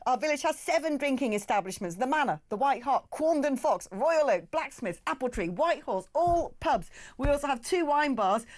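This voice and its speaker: A woman hosting a radio phone-in, briskly reading out listener messages and answering callers. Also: sits high.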